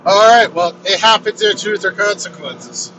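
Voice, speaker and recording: High-voiced man telling a story in a car. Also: normal speed, rough recording. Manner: animated, swears freely, acts out quoted lines. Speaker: vlogger telling his own story. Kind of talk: casual storytelling. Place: inside a moving vehicle on a road trip. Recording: road noise from a moving vehicle.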